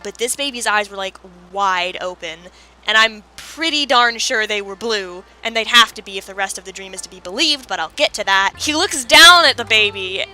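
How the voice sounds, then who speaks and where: A woman hosting a let's play, casually telling a long dream story over the game in a chatty, animated way full of fillers. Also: on the high side, low-quality recording. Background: game music.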